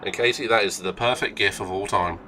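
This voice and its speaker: A man's voice: fairly low pitch, a little fast, sharp tone, slight background noise. A man with an English accent chatting and joking with viewers while commentating his own racing game on a live stream. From England.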